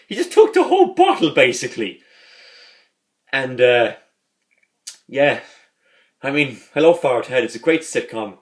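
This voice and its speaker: A man's voice: mid-range voice, big pitch swings, unhurried, pauses often. A man hosting a casual video, rambling as he talks, repeating words and restarting his sentences. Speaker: video host reviewing a sitcom. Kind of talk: casual vlog talk.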